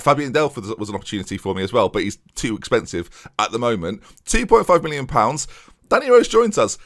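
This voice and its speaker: A man's voice: medium pitch, a bit bright. A man chatting casually and with self-mockery as he plays a game and talks viewers through his moves, recorded at home. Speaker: gaming YouTuber.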